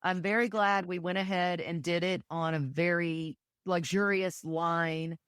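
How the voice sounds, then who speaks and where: Podcast guest, woman from Texas, low pitch, dry close sound, chatty and enthusiastic storyteller. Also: fairly even intonation, measured pace, a bit bright, clear, resonant tone, no echo. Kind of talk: casual interview chat.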